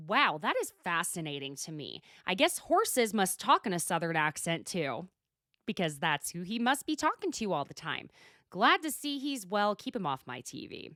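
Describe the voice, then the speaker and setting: Lively, sarcastic woman podcast host. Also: medium pitch, no room sound, studio quality. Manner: chatty, sarcastic, gossipy. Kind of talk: casual solo recap podcast.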